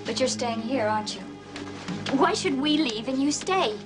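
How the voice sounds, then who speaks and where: An actress playing a gangster's wife, talking earnestly and pleadingly in a 1970s crime film. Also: female voice, sits high, animated, normal speed, over music.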